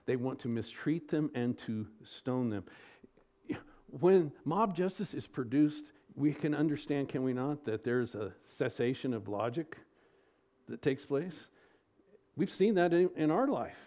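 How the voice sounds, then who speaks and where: A man preaching an expository sermon as pastor, asking rhetorical questions, his pitch and loudness rising and falling. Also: expressive, a little slow.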